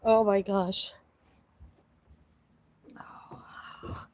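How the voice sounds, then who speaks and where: A woman's voice: mid-range voice, flat delivery, extremely slow, whispered. A woman chatting casually and emotionally to a live audience while outdoors. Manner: emotional, heartfelt, talks softly to animals. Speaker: vlogger talking to a live audience. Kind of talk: casual livestream chat.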